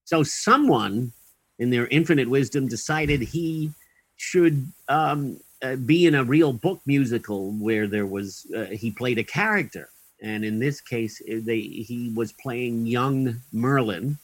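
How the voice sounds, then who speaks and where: A man's voice: mid-range voice, unhurried, breathy edge, no room sound, low-quality recording. A man being interviewed as an actor, telling long anecdotes in a wry, chatty way with dry comic timing, many fillers and restarts. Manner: dry comic timing, chuckling at his own punchlines. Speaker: actor guest.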